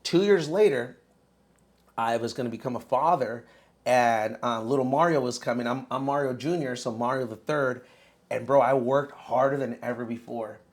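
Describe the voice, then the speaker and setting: A man in his thirties, a podcast guest, telling his own story in casual, animated talk and calling the host bro. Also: medium pitch, moderate pace. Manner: animated, says bro a lot.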